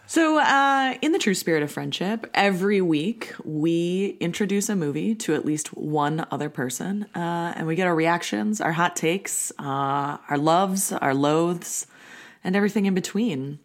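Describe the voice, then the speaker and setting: A woman in her thirties hosts a casual podcast with her friends. Her voice sits low, and she talks in a chatty, playful, rambling way. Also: expressive, measured pace. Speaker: podcast host. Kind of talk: casual chat.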